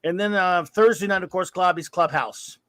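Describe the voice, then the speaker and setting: A man's voice: high-pitched, normal speed, a bit bright. A man hosting a casual livestream, joking at his own expense and rambling with fillers as he greets viewers. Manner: jokey, self-deprecating, rambling with fillers. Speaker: livestream host.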